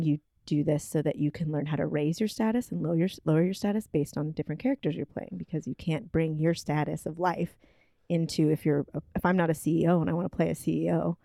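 A woman's voice: low-pitched, gravelly, mellow, no room sound, studio quality. A woman co-hosting a podcast, talking casually and thinking aloud with many fillers. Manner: thoughtful, rambling with many fillers. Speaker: podcast co-host. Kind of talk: casual conversational chat. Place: kitchen table.

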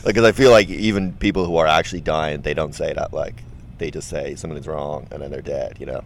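A man's voice: very deep voice, fairly even intonation, a little fast, a little hiss or hum. A man co-hosting a podcast, trading dry jokes in casual chat. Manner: dry joking banter. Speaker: podcast co-host.

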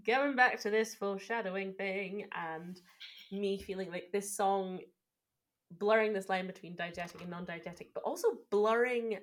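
A woman's voice: mid-range voice, moderate pace. A young woman co-hosting a casual podcast, talking through a film with gushing enthusiasm and close analysis. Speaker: podcast co-host.

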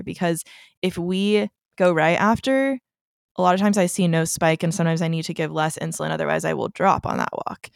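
A young woman with a low, gravelly voice, co-hosting a podcast. She talks earnestly and reflectively, sharing practical advice. The recording is dry and close. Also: lively intonation, a little fast, no room sound. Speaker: podcast co-host. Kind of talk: casual chat.

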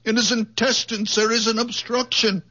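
An actor playing a very old, gentle man with healing powers who speaks hesitantly and softly, in a 1970s radio drama. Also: high voice, flat delivery, normal speed. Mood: frail, meek. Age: older. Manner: frail, hesitant, soft-spoken. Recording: dull lo-fi 1970s radio recording.

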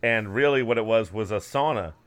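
A man's voice: on the low side, brisk, fairly bright tone, smooth. A man co-hosting a comedy podcast about monsters, teasing his co-host and telling stories in casual banter. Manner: teasing, storytelling, laughs easily.

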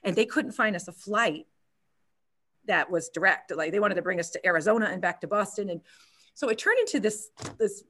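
A woman yoga instructor telling a story in a casual interview, chatty and animated with many restarts. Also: medium pitch, a little fast.

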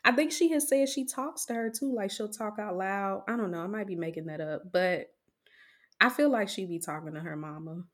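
A woman's voice: medium pitch, normal speed. A woman hosting a casual podcast discussion, speaking in a conversational, reflective way with frequent restarts. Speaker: podcast host.

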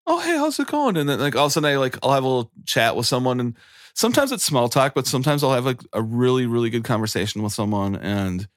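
A man's voice: medium pitch, animated, quick pace, no echo, clean studio sound. A man in his forties talking in a casual, rambling, earnest way, full of "like" fillers. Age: 40s. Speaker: guest. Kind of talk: casual chat.

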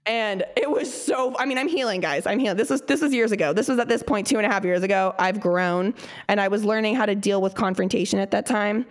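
A young woman co-hosting a podcast, telling stories in a casual, animated way, swearing a lot and acting out quotes loudly. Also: mid-range voice, fast talker. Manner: animated storyteller, heavy swearing, loud acted quotes. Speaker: podcast co-host. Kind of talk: casual chat.

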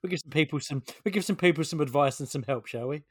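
A man's voice: fairly high pitch, quick pace, breathy edge. Cheeky, giggly man. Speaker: podcast co-host. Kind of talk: casual chat.

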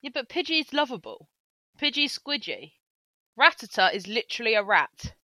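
A woman co-hosting a comedy podcast, jokey and theatrically exasperated. Her slightly high, bright voice swings widely in pitch. She is recorded dry and close on a podcast mic. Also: big pitch swings, normal speed, no room sound, low-quality recording. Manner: exaggerated, exasperated and jokey, with frequent laughter. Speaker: podcast co-host. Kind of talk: casual comedic chat.

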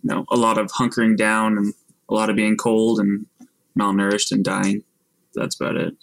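A man's voice: fairly low pitch, completely flat delivery, moderate pace, gravelly, dry recording, rough recording. A man co-hosting a podcast, talking in a laid-back, offhand way with lots of hedging. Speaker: podcast co-host. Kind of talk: casual chat.

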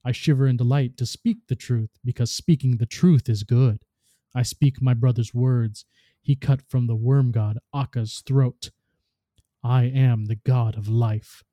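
A man reading aloud as a ruthless, boastful female war god, in a slow, solemn recital. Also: medium pitch, steady tone, mellow, no echo, clean studio sound, close to an everyday voice. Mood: grim, solemn.

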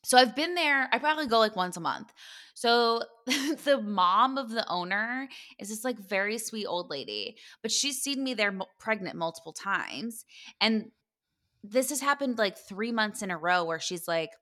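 A woman's voice: medium pitch, animated, normal speed, bright, forceful tone. A heavily pregnant woman co-hosting a podcast, talking candidly in casual chat and laughing often. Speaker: podcast co-host.

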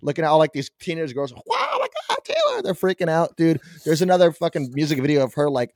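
A man's voice: on the high side, quick pace, a little mellow, no room sound. Ranting profane young man, dry close mic. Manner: profane, ranting, mocks others in squealing voices. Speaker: podcast host. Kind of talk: casual podcast rant.

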